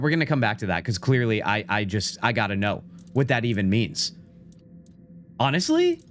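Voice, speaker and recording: Excitable young man streaming a game. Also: medium pitch, a little hiss or hum. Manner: excitable, chatty, talks to chat, says "dude" often. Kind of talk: live gameplay commentary.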